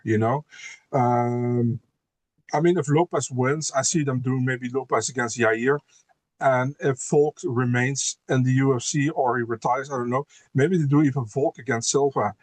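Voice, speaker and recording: A man's voice: medium pitch, dry recording. A man speaking as a guest fight analyst in a casual podcast chat, blunt and given to swearing, with frequent restarts and repeated words.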